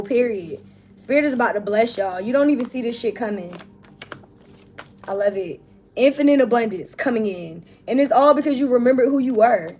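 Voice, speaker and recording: A woman giving an emotional spiritual tarot reading, talking casually and emphatically to her viewers. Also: fairly high pitch. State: tearful, on the verge of crying. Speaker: tarot reader.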